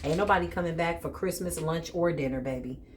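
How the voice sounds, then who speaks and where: A woman's voice: sits low, fairly quick, a little hiss or hum. A woman giving a spiritual tarot reading, speaking bluntly and emphatically straight to the viewer. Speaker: tarot reader.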